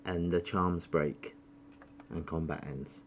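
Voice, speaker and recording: A woman's voice: extremely low pitch, fairly even intonation, takes it slowly, a little mellow, slight background noise. A woman narrating as game master, laughing often and swearing casually.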